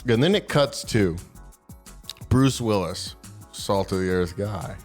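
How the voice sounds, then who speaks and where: A man's voice: fairly low pitch, slow, faint music behind. A man co-hosting a comedy podcast, retelling a movie with lots of swearing in casual chat. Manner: profane, storytelling, animated retelling. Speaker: podcast co-host.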